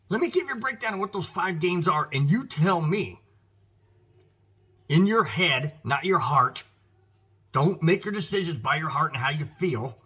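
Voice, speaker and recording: An American man rants about his football team to his viewers, emphatic and exasperated. His voice is bright and forceful with a husky edge. It sits a little high for a man. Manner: emphatic, frustrated, addresses viewers as guys. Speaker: sports podcast host. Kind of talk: opinionated football commentary.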